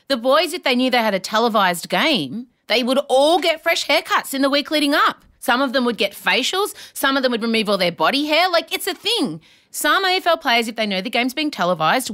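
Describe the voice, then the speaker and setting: An Australian woman in her forties, co-hosting a podcast and telling a story with lively acted-out voices in casual chat. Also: a little high. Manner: animated storyteller, acts out voices. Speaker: podcast co-host.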